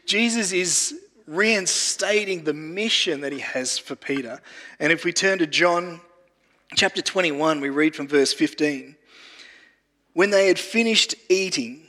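A man's voice: on the high side, measured pace, sharp tone. A male pastor giving an earnest sermon who often repeats words while he gathers his thoughts. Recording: long reverb of a large room.

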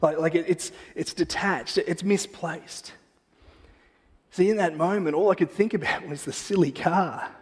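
A man preaching a sermon in a church, praying and then telling a personal story in a casual, animated way with self-deprecating humor. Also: a little high, a little slow, in a large hall. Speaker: pastor. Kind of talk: sermon with prayer and personal anecdote.

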